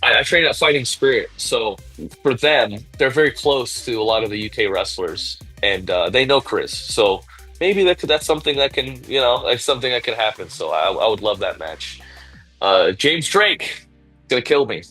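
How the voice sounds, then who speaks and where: A man's voice: mid-range voice, animated, moderate pace, sharp tone, breathy edge, soft background music, poor audio. A man being interviewed as a pro wrestler, tired after training, rambling, laughing between thoughts and speaking from the heart. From Puerto Rico and United States. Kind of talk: casual interview answers.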